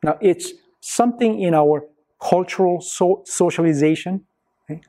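A man preaching a sermon to his congregation in a church, slow and emphatic, with long pauses between phrases. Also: high voice, warm tone. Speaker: pastor. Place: church sanctuary.

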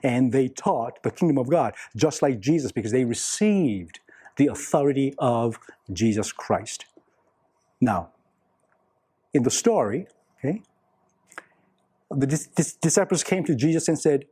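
A man's voice: mid-range voice, expressive, measured pace, pauses often, dark tone, breathy edge. A man preaching a sermon, earnest, repeating key words for emphasis and putting questions to the congregation. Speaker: pastor.

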